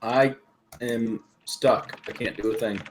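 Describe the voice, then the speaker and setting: A man narrates a tabletop game as game master, taking his time and filling gaps with ums. His voice sits in a mid range at a slow pace. A faint hiss and keyboard clicks run under him. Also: medium pitch, steady tone. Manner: slow, hesitant, many ums and uhs.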